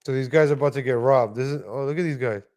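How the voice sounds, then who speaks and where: A man's voice: mid-range voice, quick pace, a little mellow. A man hosting a live stream, commenting on viral videos in a blunt, profane, ranting way. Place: lives in Texas.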